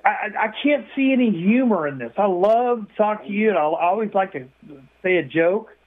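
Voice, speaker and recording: Older male caller, high-pitched, upset and stammering, heard over a tinny phone line. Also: lively intonation, moderate pace. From Texas. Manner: upset, stammering and repeating words. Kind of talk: phone-in call.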